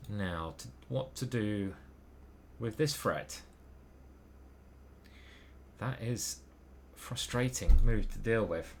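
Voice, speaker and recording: A man's voice: lowish voice, slow pace, pauses often, darkish tone, a little hiss or hum. A man thinking aloud as he plays online chess, muttering moves and questioning himself. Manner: muttering move by move, hesitant self-questioning. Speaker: chess grandmaster commentating his own games.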